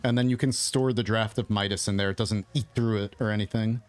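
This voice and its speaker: A man with a lowish voice that is wearing out and going hoarse. He rambles in relaxed gameplay commentary, thinking aloud as he explains what he is doing. Soft music plays faintly underneath. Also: brisk. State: losing his voice. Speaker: gaming video host.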